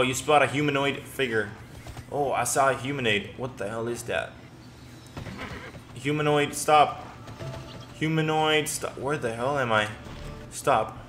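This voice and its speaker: A young man giving casual gameplay commentary, excitable, often stammering and swearing as he reacts. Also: mid-range voice. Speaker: gaming commentator.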